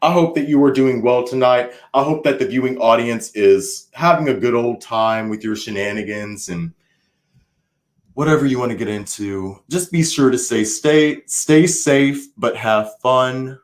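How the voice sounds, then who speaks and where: A man reading tarot on a casual livestream, talking loudly and swinging from mumbles to shouts, at a party indoors. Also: mid-range voice, unhurried. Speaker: tarot reader hosting a livestream. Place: indoors at a New Year's party. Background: faint party music.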